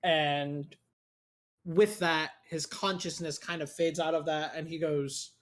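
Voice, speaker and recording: A man running a tabletop game as game master, narrating slowly. He swears often and gets excited as the scene unfolds. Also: on the high side. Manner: profane, excitable, laughing.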